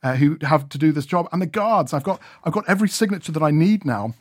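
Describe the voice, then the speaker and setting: A man's voice: a little high, animated, quick pace, dry recording, studio quality. A middle-aged man talking in a casual radio chat, enthusiastic and chatty with many fillers. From Ireland. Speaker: radio reporter.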